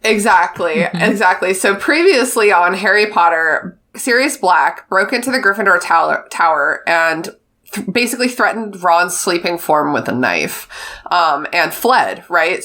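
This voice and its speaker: A woman's voice: lowish voice, lively intonation, a little slow, sharp tone. A woman hosting a casual chat podcast, congested from allergies and chatting freely with casual swearing. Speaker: podcast host.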